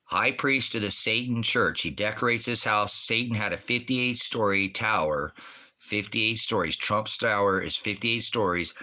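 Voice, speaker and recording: A man's voice: fairly low pitch, normal speed, sharp tone. A man from Oregon ranting casually on a livestream from his farmhouse, swearing, rambling and talking straight to his viewers. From Oregon, USA. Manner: profane, rambling, talks straight to the chat. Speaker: livestreaming vlogger. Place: indoors at home on a farm.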